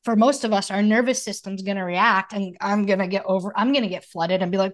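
A woman's voice: medium pitch, brisk, few pauses. A woman in her thirties in casual conversation as a podcast co-host, speaking earnestly and reflectively in long flowing thoughts.

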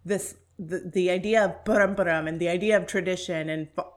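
Co-host, woman. Chatty, animated film talk, loose and filler-heavy. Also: fairly low pitch, fairly quick. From North America. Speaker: podcast co-host. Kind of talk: casual chat.

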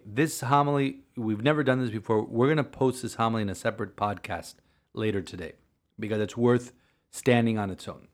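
Earnest halting priest, podcast chat. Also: male voice, on the low side. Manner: earnest, halting with many restarts.

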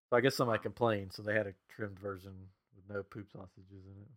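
A man in his thirties, a podcast co-host, telling an animated family story in casual chat, chuckling often and acting out the quotes. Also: on the low side, normal speed, long pauses.

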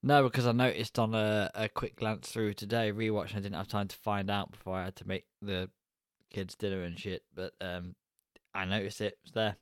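A man's voice: on the low side, steady tone, fairly quick, clear, resonant tone, dry recording, studio quality. Wry man podcasting. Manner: joking, wry. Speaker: podcast co-host. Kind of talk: casual chat.

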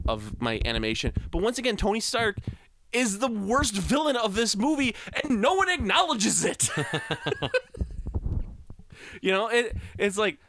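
A man ranting in an animated, laughing way during a casual chat. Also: high voice, slight background noise.

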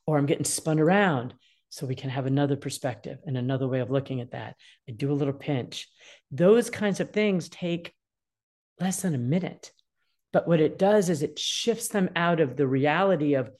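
Speaking at a moderate pace in a low-pitched voice, this sixties-aged woman is a casual guest sharing parenting advice. She's expressive, acting out how children feel by quoting their voices.

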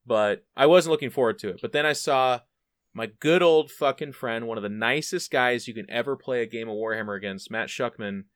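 A man speaking as a podcast guest, telling his story in an animated, profane, self-deprecating way. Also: mid-range voice, brisk, no room sound. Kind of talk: casual storytelling.

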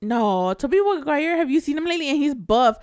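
A woman's voice: high voice, lively intonation, a little fast, a little mellow. A woman, chatting earnestly and bluntly with friends. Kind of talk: casual chat.

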